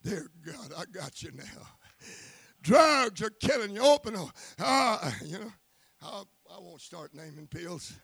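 Man, preacher, sermon, very high voice, gravelly, fervent, calls for amens, dry close sound. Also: expressive, moderate pace, long pauses, no echo. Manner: fervent preaching that swings from quiet asides to shouting, calling for amens.

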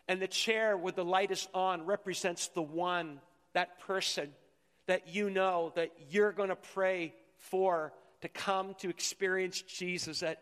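A middle-aged male pastor with a high voice delivers an energetic sermon in a church sanctuary. He rallies the congregation into call-and-response. His voice rings with the long reverb of a large hall. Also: clean tone.

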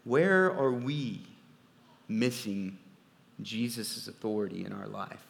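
A man preaching a sermon as pastor, swinging from quiet, low asides to loud, emphatic peaks. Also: slow pace, vocal fry, a little hiss or hum. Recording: long reverb of a large hall.

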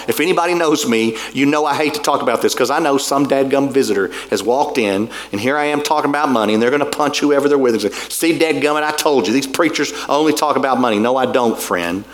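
Man, pastor, folksy conversational sermon, mid-pitched voice. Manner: folksy, conversational preaching with asides.

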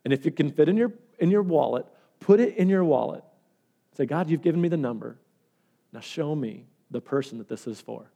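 Mellow-voiced pastor preaching earnestly. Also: male voice, fairly high pitch, lively intonation, brisk, vocal fry, highs cut off. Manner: earnest, conversational preaching with storytelling. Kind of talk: sermon.

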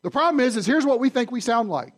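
A man preaching a sermon to his congregation, conversational and animated, often asking the audience questions. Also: extremely high pitch, fast. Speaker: pastor. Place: church sanctuary.

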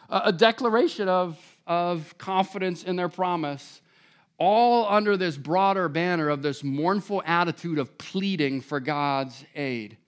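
A man preaching a sermon to a congregation, conversational and animated, joking with his listeners. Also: high voice. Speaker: pastor.

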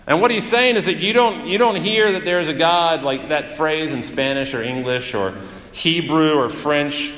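A man's voice: fairly high pitch, animated, moderate pace, a bit bright. A male pastor giving a sermon in an earnest, emphatic way, often repeating phrases. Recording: echoey hall with long reverb.

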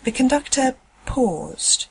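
A woman narrating a classic ghost story aloud in a steady storytelling manner. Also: sits high, slow, gravelly, a little hiss or hum, low-quality recording.

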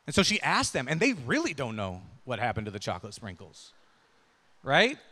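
A man's voice: mid-range voice, wildly swooping pitch, normal speed, pushed and bright, big-room sound. A man preaching a sermon through a personal story, talking conversationally and checking in with listeners with "right?" and "yeah?". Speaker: pastor.

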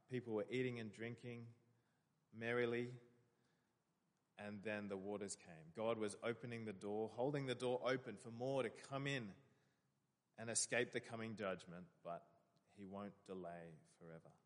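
Low-voiced man preaching in a hall. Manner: earnest, explanatory preaching with scripture readings. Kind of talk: sermon.

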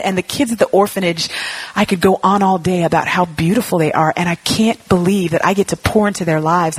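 A woman's voice: medium pitch, husky, dry recording, poor audio. A woman giving a sermon and prayer in an earnest, emphatic way, repeating her phrases. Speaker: guest speaker.

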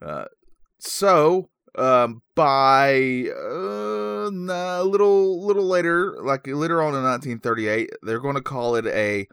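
A man co-hosting a casual podcast, talking in a mid-range voice. He tells his story in a relaxed, self-deprecating way, full of "uh" and "um". The sound is dry and close to the mic. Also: mid-range voice, slow, vocal fry, smooth, dry recording. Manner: easygoing, self-deprecating with frequent fillers. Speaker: podcast co-host.

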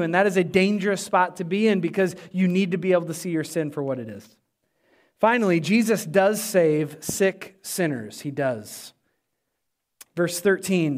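A middle-aged man preaching from the pulpit in a fairly high voice. He presses his points with emphasis, then sinks low and quiet to drive them home to the congregation. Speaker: pastor. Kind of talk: sermon. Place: church.

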